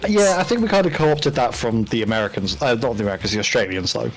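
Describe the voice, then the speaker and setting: A man's voice: medium pitch, expressive, fast talker, faint music behind, rough recording. A chatty British man hosting a casual painting stream, laughing often. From United Kingdom. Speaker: stream host.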